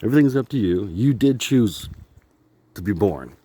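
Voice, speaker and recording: A man's voice: fairly low pitch, expressive, moderate pace, warm tone, a little hiss or hum. A man vlogging on his phone while walking outdoors, talking in a meandering, candid way, laughing often and swearing casually. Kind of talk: rambling walk-and-talk vlog. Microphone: phone held while walking.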